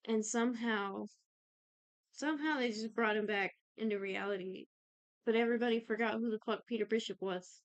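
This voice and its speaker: Young woman, casual podcast recap, rambling and profane, smooth clear voice, dry close sound. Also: a little high, fairly even intonation, no room sound. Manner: rambling, profane, quotes characters in quick asides. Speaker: podcast co-host recapping a show. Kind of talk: casual chat.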